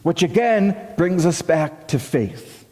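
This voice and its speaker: A man delivers a sermon from the pulpit, lively and dramatic as he acts out the doubts and replies of the people he quotes. His voice sits high for a man. The sound carries a long reverb, as in a church hall. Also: slow pace. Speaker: pastor.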